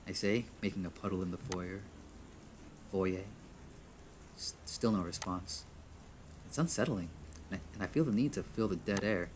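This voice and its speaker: A man's voice: low-pitched, normal speed, long pauses, a little hiss or hum. A man reading a visual novel aloud, often tripping over words, restarting lines and laughing at his own slips. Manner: stumbles, restarts, chuckles at himself. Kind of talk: reading game text aloud with asides.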